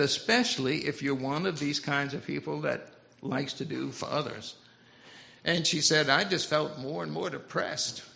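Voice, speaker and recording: An older preacher, his voice heavy with gravelly fry yet bright and forceful on top. He preaches in a church in a folksy, storytelling way, easing into humor between points. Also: mid-range voice. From Louisiana Cajun. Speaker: pastor. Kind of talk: storytelling sermon. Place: church sanctuary.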